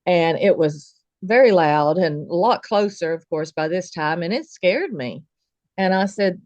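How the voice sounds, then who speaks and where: Unhurried and fairly low in pitch, with a darkish tone, a woman vividly recounts something that really happened to her in a folksy manner, voicing the quoted lines of each person. The recording is dry, with the highs cut off.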